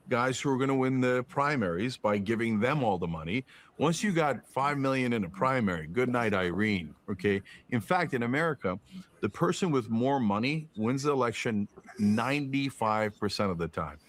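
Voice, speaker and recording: Emphatic, profane man ranting politics. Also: mid-range voice. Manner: emphatic, profane, rhetorical questions, mocking put-on quotes. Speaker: podcast guest. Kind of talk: political commentary in conversation.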